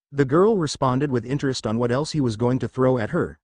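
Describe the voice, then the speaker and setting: A man reading fan fiction aloud as the narrator, in a steady storytelling manner. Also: medium pitch, a little fast, hardly any pauses, no room sound.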